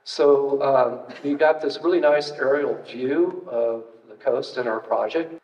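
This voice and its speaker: An older man gives a relaxed, anecdotal lecture, chatting through his slides with fillers and dry asides. He sits at a distance from the mic in a large, reverberant room. The recording sounds dull and muffled. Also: on the high side. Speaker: retired state parks archaeologist giving a talk. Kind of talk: casual public lecture with slides.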